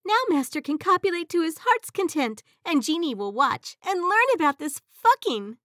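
A woman voicing an eager, naive female genie servant in a high, loud, wide-eyed innocent voice. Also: big pitch swings, normal speed, no echo, clean studio sound, exaggerated voice.

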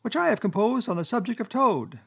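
A high, squeaky weasel chief, puffed up and pompous, speechifies to his cronies in a storybook reading, as a man puts him on. The voice sits well above a normal man's range, a little husky, with a smug lilt. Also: big pitch swings, fairly quick, fairly bright tone, heavily acted.

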